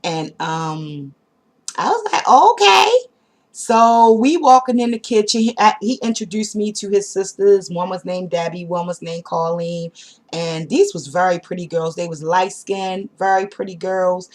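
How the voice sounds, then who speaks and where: A woman casually telling a personal story to her viewers, animated and slangy, talking straight to the camera. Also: fairly low pitch, normal speed. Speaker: vlogger.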